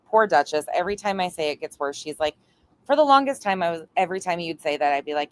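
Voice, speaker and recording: A woman's voice: on the low side, very animated, quick pace. A woman doing live stream commentary, blunt and exasperated, swearing freely.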